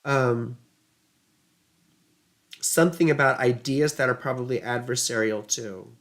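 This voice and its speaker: A woman's voice: very deep voice, unhurried. A woman giving a casual astrology reading, chatty and rambling, drifting into side stories. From United States. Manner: rambling, digressive, chatty, self-mocking.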